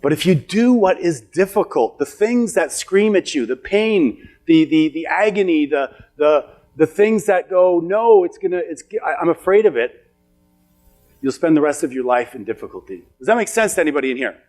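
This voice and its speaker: A man's voice: on the high side, expressive, normal speed, hardly any pauses, a little mellow. A middle-aged man giving a motivational seminar talk to an audience, telling stories with emphatic, repetitive phrasing. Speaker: motivational speaker. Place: event hall with an audience.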